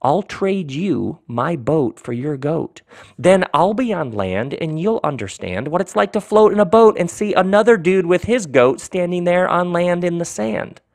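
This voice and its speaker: A man's voice: high voice, lively intonation, unhurried, dry recording, studio quality, pitched above the performer's own voice. A man putting on a gloating boat owner. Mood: sly, persuasive. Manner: boastful, singsong. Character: gloating smug man who owns a boat.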